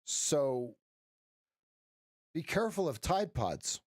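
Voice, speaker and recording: A man's voice: on the high side, expressive, normal speed, no room sound, clean studio sound. A middle-aged man hosting a casual live trading stream as a coach, rambling and joking with frequent restarts and "right?" tags.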